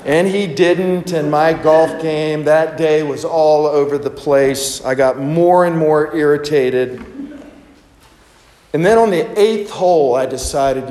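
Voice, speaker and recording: A man's voice: a little high, takes it slowly, darkish tone. A male pastor preaching an Easter sermon in a conversational storytelling manner, asking rhetorical questions. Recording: echoey hall with long reverb.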